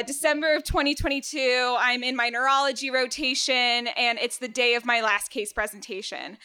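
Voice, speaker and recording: A young woman raised in Florida after a childhood in Venezuela tells a personal story live on stage, lively and quick to poke fun at herself. Her voice is bright, smooth and clear. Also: on the high side. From Venezuela, raised in South Florida. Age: 20s. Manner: lively and self-deprecating, laughs often. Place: theater stage, live event.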